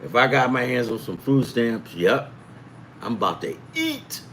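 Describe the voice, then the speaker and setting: A man's voice: medium pitch, huge pitch swings, a little slow, a bit bright, a little hiss or hum, low-quality recording. A middle-aged man hosting a sports betting talk, rambling and profane, jumping from topic to topic. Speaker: sports betting show host. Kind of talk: rambling casual chat.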